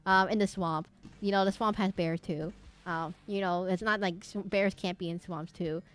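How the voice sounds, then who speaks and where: A woman's voice: lowish voice, steady tone, normal speed, smooth. Rambling, giggly young woman streamer. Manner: rambling, giggly, with frequent restarts and asides. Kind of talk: casual chat while streaming a game.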